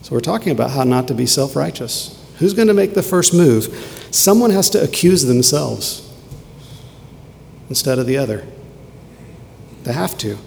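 A man preaching a sermon in an earnest way, swinging from emphatic questions to quiet, low lines, in a church sanctuary. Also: expressive, normal speed, gravelly, long pauses. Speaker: pastor. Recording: long hall reverb, faint ambient noise.

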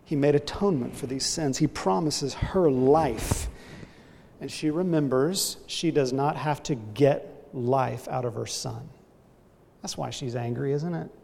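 A man's voice: mid-range voice, measured pace, gravelly, a little mellow, in a large hall, a little hiss or hum. A man preaching a sermon, earnestly illustrating his point with a story.

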